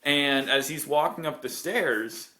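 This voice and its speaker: A man telling a true story on his vlog in an animated, digressive way. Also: fairly high pitch, measured pace. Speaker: vlogger. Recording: roomy echo.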